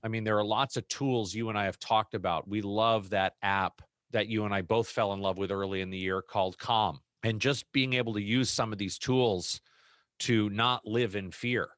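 Relaxed, low-voiced man co-hosting a podcast. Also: moderate pace, dry recording, studio quality. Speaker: podcast co-host. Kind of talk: casual chat.

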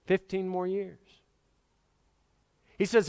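A man's voice: a little high, normal speed. A man preaching a sermon, telling stories dramatically and acting out the voices of the people in them. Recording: long hall reverb.

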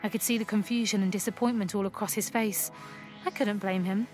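A woman narrating an erotic audio story in a soft, unhurried first-person reading. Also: medium pitch, steady tone. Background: music.

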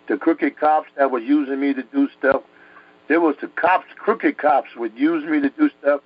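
A man's voice: a little high, steady tone, moderate pace, husky, no room sound. A man from New York telling a dramatic personal story, emphatic and repeating words for effect. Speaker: guest telling his testimony. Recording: dull dry recording.

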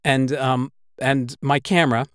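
A man's voice: medium pitch, level tone, measured pace, a bit bright, clear, resonant tone, no echo, clean studio sound. A man telling a personal story in casual, swear-filled speech. His retelling is breathless and emotional, and he gets worked up as he goes.

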